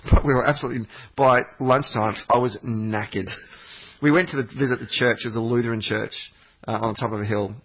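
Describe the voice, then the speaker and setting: Guy rambling thru a trip story, swears a lot, ums everywhere, kinda husky voice, lo-fi muffled audio. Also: medium pitch, steady tone, fairly quick. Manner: meandering storytelling, sweary, frequent fillers and restarts. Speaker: podcast regular. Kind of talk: rambling anecdotal chat.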